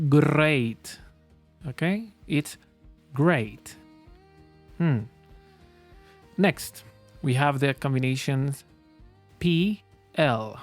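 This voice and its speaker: Slow, patient male phonics teacher. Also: medium pitch. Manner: patient, careful, repeats sounds for learners. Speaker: language teacher. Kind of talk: phonics lesson, slow drilled pronunciation. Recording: dry close recording with faint music.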